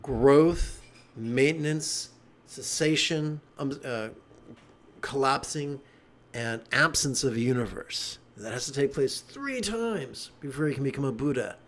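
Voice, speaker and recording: Meditation teacher, male, lively and joking, mid-pitched voice. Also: measured pace. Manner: animated, joking asides. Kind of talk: dharma talk.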